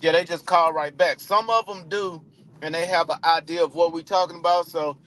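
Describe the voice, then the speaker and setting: A man with a slightly higher voice coaching cold calling in a casual live chat. He talks loosely, circles back with restarts and fillers, and slips into lively acted-out phone greetings. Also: fairly quick, a little hiss or hum. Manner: loose, repetitive, acts out phone calls. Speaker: real estate coach.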